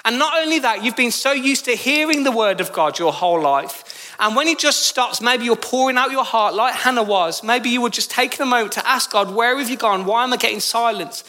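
A male pastor with a Birmingham accent preaching in church, telling stories emphatically and lifting his pitch on key phrases. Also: expressive, fairly quick, sharp tone. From Birmingham, England. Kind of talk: sermon.

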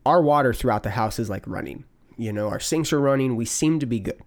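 Male podcast host, relaxed rambling storyteller, swears freely, mid-pitched. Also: fairly quick. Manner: loose storytelling, swearing, many fillers. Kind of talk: casual chat.

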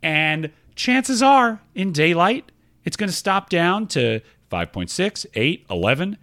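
A man co-hosting a podcast in easy, casual chat, explaining as he goes. His pitch swings widely from phrase to phrase, and his voice sits close and dry with almost no room sound. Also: takes it slowly, no echo. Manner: explanatory, animated. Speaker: podcast co-host.

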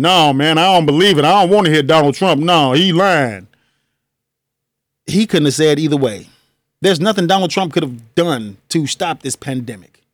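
An adult podcast host with children gives casual solo commentary, speaking emphatically with slangy asides and frequent laughter. His voice is on the high side, with no room sound.

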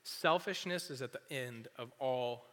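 A young man giving a casual youth sermon as a youth pastor, chatty and full of "like", acting out quick little voices. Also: mid-range voice, bright, forceful tone. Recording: long hall reverb.

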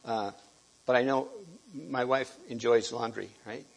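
Man preaching, gravelly, husky, halting with restarts and throat clearing. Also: medium pitch, steady tone. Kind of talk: sermon.

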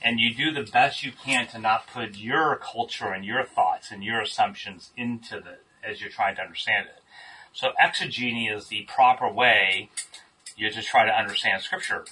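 A man's voice: lowish voice, moderate pace, bright, forceful tone, husky. A man leading a casual group Bible study, thinking aloud and stressing key words. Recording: distant mic with faint room noise.

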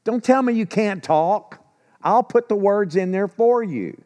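A man's voice: sits high, expressive, unhurried, a little mellow, voice pushed up. Male preacher voicing a casual, reassuring God, raised and emphatic.

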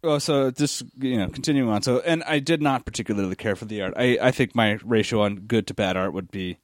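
A man co-hosting a casual podcast chat, reviewing comics in an animated, critical way with plenty of fillers and restarts. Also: medium pitch, a little fast, dry recording, clean studio sound. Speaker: podcast co-host.

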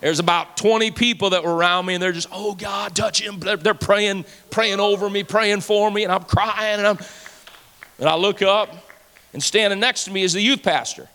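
Male pastor, fifties, sermon; conversational storyteller, bright tone, reverb of a large hall. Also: sits high, fairly even intonation, normal speed, slight background noise. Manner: conversational storytelling preacher, acts out dialogue, repeats words.

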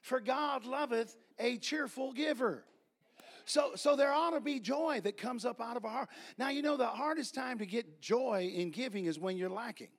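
A man preaching a sermon, telling folksy stories and building to repeated, shouted refrains. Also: extremely high pitch, normal speed. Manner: folksy storytelling.

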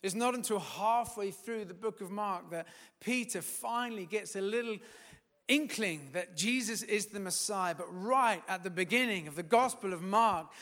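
Man, sermon, high voice, emphatic swells then hushed lines, long hall echo. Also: normal speed. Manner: animated, building to loud emphatic peaks then dropping quiet. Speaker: preacher.

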